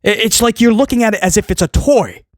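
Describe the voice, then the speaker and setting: A man's voice: high voice, quick pace, no room sound, clean studio sound. A man hosting a casual video review, ranting in a sarcastic, exasperated way and rambling with many restarts. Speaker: wrestling show reviewer, host.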